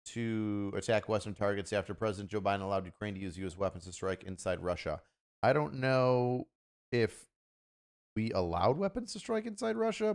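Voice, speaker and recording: A man hosting a stream, chatting casually about the news and growing loud and animated as he rants, with plenty of swearing. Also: fairly low pitch. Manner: profane, animated when ranting, acts out quoted voices. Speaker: stream host. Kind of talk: casual talk commentary.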